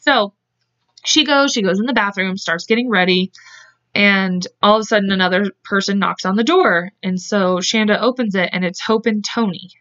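At a moderate pace and mid-range pitch, with a fairly bright tone, a young woman co-hosts a podcast and casually retells a crime case. She chats, laughs often and acts out the quotes, and the recording is lo-fi.

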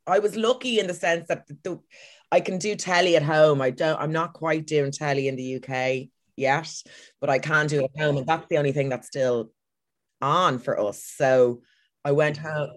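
A woman's voice: deep voice, fairly even intonation. A woman from Ireland with a Dublin accent, a comedian guest bantering and teasing on a podcast video call. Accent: Dublin Irish. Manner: teasing, quick-witted banter. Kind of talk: casual podcast chat.

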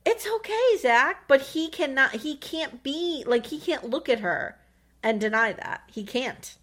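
A woman with a slightly raised pitch gives blunt opinions on a casual podcast about reality TV. She swears easily and drops her voice low when sharing a juicy theory. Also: measured pace, fairly bright tone. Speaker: podcast co-host. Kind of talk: casual chat recapping a reality show.

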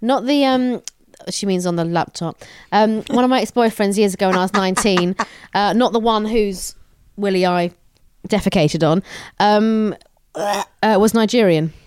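A woman's voice: mid-range voice, normal speed, darkish tone, smooth, no room sound. A woman co-hosting a podcast, chatting frankly and giggling with her friend. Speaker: podcast co-host. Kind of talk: casual podcast chat.

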